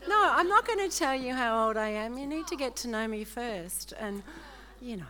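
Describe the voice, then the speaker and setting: A woman's voice: a little high, lively intonation, moderate pace, pushed and bright. A middle-aged woman with an Australian accent, giving a chatty, self-mocking sermon testimony and laughing often. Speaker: preacher.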